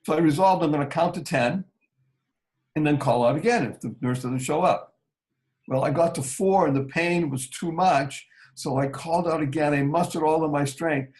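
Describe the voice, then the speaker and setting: A man telling a personal story slowly and earnestly as an interview guest. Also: fairly high pitch, a little mellow, low-quality recording.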